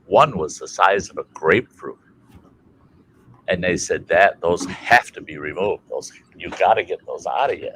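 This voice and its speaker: A man from Minnesota hosting a casual chat stream, telling a family story in a colorful, animated way and swearing freely. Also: deep voice, moderate pace, a little hiss or hum, poor audio. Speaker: livestream host.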